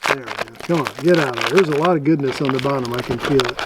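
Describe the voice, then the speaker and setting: A man's voice: medium pitch, very fast. A man hosting a casual vlog, chatting and chuckling as he shows things and thinks aloud. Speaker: vlog host reviewing military rations. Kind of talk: casual show-and-tell commentary. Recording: noisy home video recording.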